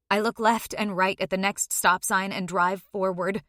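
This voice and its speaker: A woman reading a dark first-person story aloud, tense and emotional, dropping low at grim moments. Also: steady tone, measured pace, hardly any pauses, dry recording, studio quality. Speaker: audiobook narrator.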